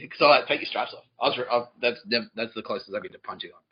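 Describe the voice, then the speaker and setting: A man's voice: medium pitch, fast, lo-fi sound. A man hosting a podcast, telling a rambling, profane comic story. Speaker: podcast host.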